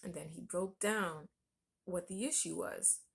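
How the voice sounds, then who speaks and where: A woman vlogger telling a personal story in a relaxed, conversational way. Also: lowish voice, unhurried, vocal fry, slightly rough. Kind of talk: storytelling vlog.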